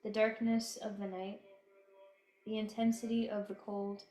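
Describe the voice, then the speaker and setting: A woman giving a slow, solemn devotional reading in a prayerful, measured manner. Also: mid-range voice, little pitch movement, warm tone. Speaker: devotional reader. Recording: echoey room.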